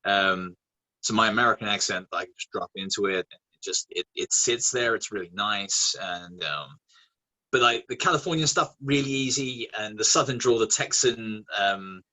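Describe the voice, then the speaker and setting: A man, a guest actor chatting casually in an interview, animated and quick to laugh. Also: lowish voice, low-quality recording. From England. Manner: animated, laughing, many restarts.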